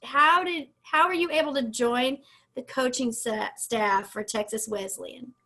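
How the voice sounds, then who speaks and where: A woman's voice: a little high, unhurried, bright, forceful tone. A woman hosting an online author talk over a video call, encouraging and reminding listeners to post questions. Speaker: library interviewer.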